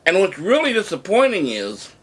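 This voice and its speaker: A man's voice: sits high, normal speed, husky. A man telling a story in a casual monologue, acting out the lines he quotes. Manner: animated retelling, acts out shouted quotes. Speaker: vlogger.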